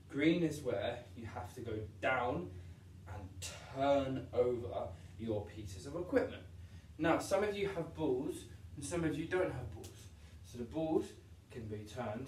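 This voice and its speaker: A man's voice: medium pitch, darkish tone, a little hiss or hum. Upbeat man teaching a kids' PE class. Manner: upbeat, encouraging, demonstrating moves while talking. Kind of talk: home PE lesson for young children. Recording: roomy echo, voice from a distance.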